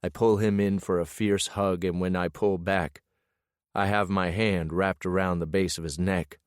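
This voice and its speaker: A man narrating a first-person romance audiobook in a calm, measured way on a close studio mic. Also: sits low, no room sound.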